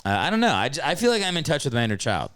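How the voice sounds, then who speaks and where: A man hosting a podcast in casual comedic chat, rambling and animated, jumping into high voices to act out stories. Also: rapid-fire, dry recording. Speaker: podcast host.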